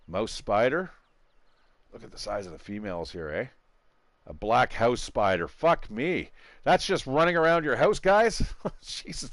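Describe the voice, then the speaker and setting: A man's voice: fairly low pitch, no room sound. A middle-aged man giving casual, rambling gameplay commentary, swearing and laughing a lot. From Southern Ontario, Canada. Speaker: gaming channel host.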